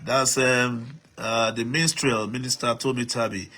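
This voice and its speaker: A man's voice: mid-range voice, flat delivery, unhurried, music in the background. A Nigerian man hosting a live stream, reading out viewer comments and urging the audience to write in, switching between English, Pidgin and Yoruba.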